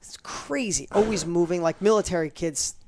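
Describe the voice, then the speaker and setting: Recounting something from his own life in an interview, a middle-aged man talks quickly and with force, performing the lines he quotes. His voice sits high, and a crowd can be heard in the background.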